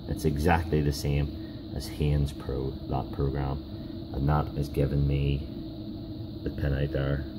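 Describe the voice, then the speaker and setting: A man giving a casual hands-on workshop demonstration, talking in a halting way with many fillers and restarts. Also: a bass voice, completely flat delivery, background noise. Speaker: DIY car repair video host.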